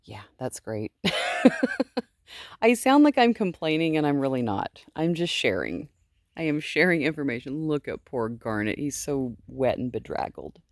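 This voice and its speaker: A woman's voice: rumbling low, big pitch swings, measured pace, dry recording, studio quality. A woman sheep farmer chatting casually outdoors in her sheep pen, cooing baby talk to her animals in between. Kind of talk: casual vlog talking to animals.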